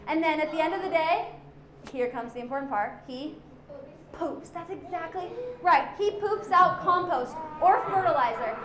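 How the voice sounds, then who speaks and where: A high-pitched woman leads a children's animal talk, playful and constantly quizzing the audience. Her voice rings in an echoey room with faint background noise. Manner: lively, playful, asks the audience questions. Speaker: zoo educator.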